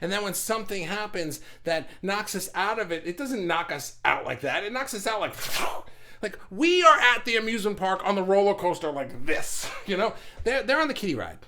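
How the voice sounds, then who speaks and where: A man hosting a casual spiritual talk, rambling and animated, laughing and sighing often. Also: high-pitched, normal speed, slight background noise. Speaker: spiritual channel host.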